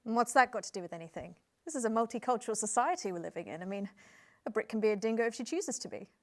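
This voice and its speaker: A prim, earnest British adventurer, played by a woman in a comedy sketch, talking calmly in a fairly high voice and heaping on ornate metaphors. Her British accent stays plain throughout. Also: normal speed, close to an everyday voice. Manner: calm, earnest, piles on flowery metaphors. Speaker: guest.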